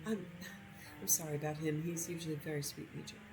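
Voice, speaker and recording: A woman's voice: deep voice, a little fast, music in the background, low-quality recording. A woman voicing a shy, earnest teenage girl who talks in an apologetic way. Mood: gentle.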